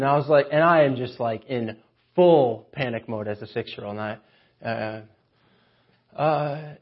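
A man preaching a sermon in a church chapel, telling a self-mocking story in a lively way with many fillers. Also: mid-range voice, moderate pace. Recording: dull lo-fi sermon recording.

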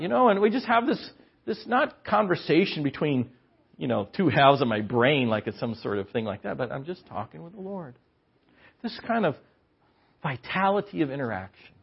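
Animated high-voiced male preacher, muffled. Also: normal speed, gravelly, slightly rough. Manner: chatty, joking asides. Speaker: guest preacher. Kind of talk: conversational sermon. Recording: muffled lo-fi sermon recording.

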